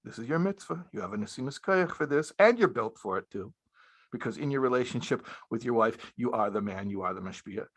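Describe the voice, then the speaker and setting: Addressing young married men in a sermon-style lecture, the rabbi uses a mid-range, expressive voice that is brisk, a bit bright, and breathy at the edges. He is emphatic, repeats his main phrases, and drops in Hebrew and Yiddish terms.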